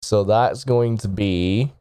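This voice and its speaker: Slow-talking male game master, halting, dry close sound. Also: fairly low pitch, warm tone, clean tone, no room sound. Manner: halting, with many restarts and laughs. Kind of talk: narrating a tabletop game.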